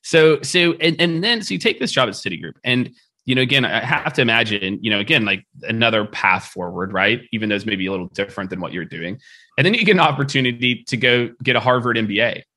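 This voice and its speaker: A man's voice: medium pitch, expressive, quick pace, bright, forceful tone. A man hosting a podcast, asking long, rambling questions in a friendly, casual way. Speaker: podcast host. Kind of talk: casual interview.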